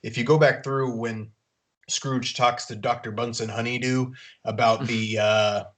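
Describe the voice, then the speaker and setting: A man who is a father, co-hosting a podcast in relaxed, easygoing casual chat. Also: mid-range voice, unhurried. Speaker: podcast co-host. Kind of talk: casual chat about films.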